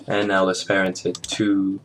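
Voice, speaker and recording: A man walking through an animation software tutorial in a casual, think-aloud way, with fillers and small jokes. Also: deep voice, monotone, measured pace, background noise. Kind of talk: screen-recorded software tutorial narration. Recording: clear background music under the voice.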